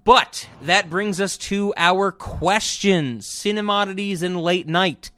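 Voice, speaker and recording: Lively, laughing man hosting a podcast. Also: high voice, slow, no room sound, studio quality. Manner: animated, laughs often, swears freely. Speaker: podcast host. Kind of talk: casual movie podcast chat.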